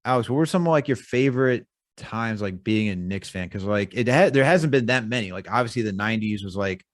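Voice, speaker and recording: A man from New York co-hosting a sports podcast, talking with animated, emphatic fan banter. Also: fairly low pitch, a little fast. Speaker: podcast co-host. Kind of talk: casual podcast chat.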